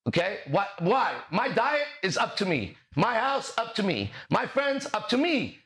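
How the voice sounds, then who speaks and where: A man's voice: high-pitched, big pitch swings, unhurried, fairly bright tone. A man hosting a podcast as a mindset and relationship coach, talking in a brash, swaggering, profane monologue full of rhetorical questions.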